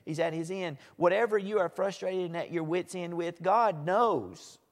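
A man preaching a sermon, swinging from soft asides to loud, emphatic lines. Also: high voice, moderate pace. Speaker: pastor. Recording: echoey hall.

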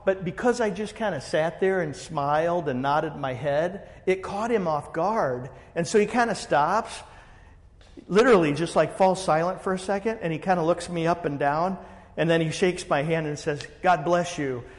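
Chatty pastor with a high-ish voice. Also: male voice, moderate pace, long reverb tail. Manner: animated, rambling, many fillers. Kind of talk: casual storytelling in a group chat.

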